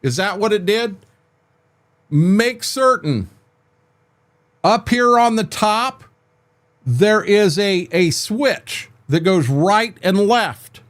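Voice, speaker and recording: An older man with a high, expressive voice streams a farming game from home, chatting casually with viewers through a desk microphone. He talks slowly, pauses often, and rambles, repeating his words as he goes.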